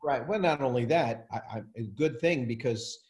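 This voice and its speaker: A man's voice: medium pitch, moderate pace, darkish tone. Man interviewer giving short replies. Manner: brief agreeing interjections. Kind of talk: interview backchannel.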